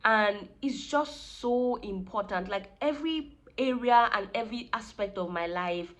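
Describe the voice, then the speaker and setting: An earnest young woman speaks straight to her viewers in a relaxed, reflective vlog. Her voice sits at an ordinary middle pitch, and she sounds sincere and heartfelt. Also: a little slow. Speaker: vlogger. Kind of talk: casual reflective talk to camera.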